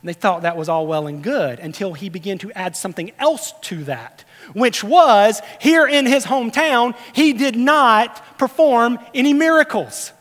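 A man preaching from the pulpit with a very high voice. He swings between loud, emphatic lines and quiet, hushed storytelling. His words ring out with a long reverb in a large church sanctuary. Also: lively intonation, moderate pace. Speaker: pastor. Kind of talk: sermon.

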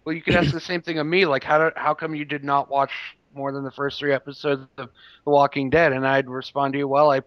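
A man mocking himself in a goofy, slow-witted voice. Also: medium pitch, little pitch movement, no echo, dull audio, voice pushed up, lightly acted. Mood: dopey. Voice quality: goofy, dim.

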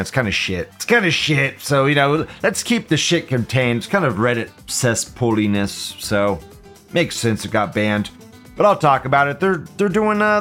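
A man hosting a live stream, ranting fast and profanely while mocking what he reads. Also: on the high side, fairly bright tone. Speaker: streamer host. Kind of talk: casual live-stream rant.

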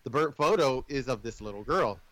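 A man's voice: medium pitch, lively intonation, brisk, fairly bright tone, no room sound, low-quality recording. A man casually recapping a movie plot in a rambling way, swearing now and then and jumping in and out of the characters' voices.

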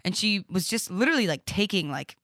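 A woman's voice: mid-range voice, animated, fast, fairly bright tone, no room sound. Woman podcast guest, rambly, swears a lot, tons of "like", dry studio sound. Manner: rambling, profane, lots of fillers. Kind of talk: casual storytelling chat.

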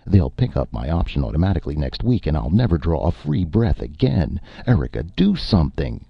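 A deep-voiced man reading a gloomy, put-upon writer. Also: very animated, fairly quick, creaky, slightly rough, no room sound, exaggerated voice. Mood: gloomy, plaintive. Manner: gloomy, plaintive. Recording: dull lo-fi, dry.

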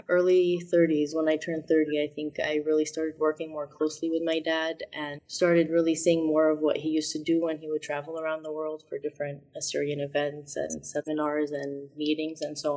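A woman's voice: low-pitched, a little mellow. A woman in her thirties, a guest in an interview, talking reflectively and explaining with examples. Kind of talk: conversational interview.

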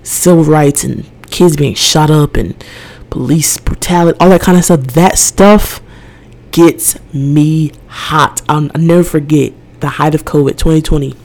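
Gravelly-voiced young woman talking off the cuff. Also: sits low, measured pace, a little mellow. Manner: emotional, rambling, heavy use of "like". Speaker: podcast host. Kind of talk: casual personal monologue.

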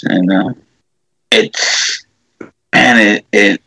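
Man, low gravelly voice, dry close sound; chatty co-host who rambles and restarts. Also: steady tone, slow pace, fairly bright tone, dry recording, poor audio. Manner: rambling, many fillers and restarts, acts out quotes. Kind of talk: casual chat, retelling a movie.

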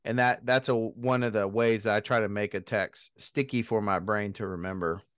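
A man with a smooth, resonant voice that sits on the low side, co-hosting a casual Bible discussion. He speaks in a thoughtful, measured way and chuckles lightly now and then. The sound is dry and close, with no room around it. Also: steady tone, a bit bright, no echo. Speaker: podcast co-host.

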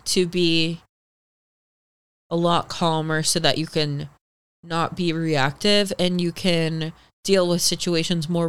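A young woman, a podcast guest, telling a personal story in casual chat, animated and swearing freely, acting out the people she quotes. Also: on the low side, clear, resonant tone. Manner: acts out the people in her story.

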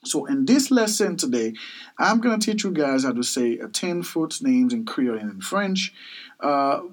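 A man hosting a podcast language lesson, repeating each word several times in a slow, animated way. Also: mid-range voice, low-quality recording. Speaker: language teacher, podcast host. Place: Miami.

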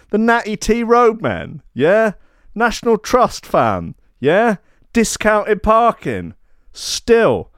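Brief: swaggering young roadman in a dry booth, higher-pitched bravado, put on by a man. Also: very animated, drawn-out words, long pauses, dry recording, full character voice. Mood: hyped. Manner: street slang, hyped shout-outs. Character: swaggering young male roadman, National Trust fan.

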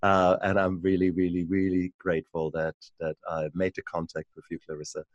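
A man hosting a podcast interview, talking in a halting way with many restarts and repeated words. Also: sits low, flat delivery, no room sound, highs cut off. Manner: halting, repeats words, warm encouraging fillers. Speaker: podcast host. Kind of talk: casual interview.

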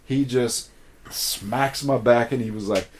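A man in casual chat, telling lively stories and acting out what others said, with some swearing. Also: medium pitch, takes it slowly, slight background noise. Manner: animated storyteller, swears, acts out quotes.

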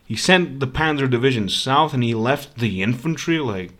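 A man's voice: medium pitch, animated, normal speed, fairly bright tone. A man hosting a podcast, ranting casually with lots of swearing and stammering restarts. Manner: profane, rambling, stammering restarts. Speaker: podcast host.

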